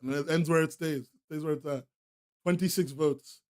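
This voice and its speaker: A man's voice: on the high side, steady tone, normal speed, darkish tone. A young man streaming live, chatting to his viewers with frequent laughter and playful mock outrage. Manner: laughs often, mock outrage, talks to chat.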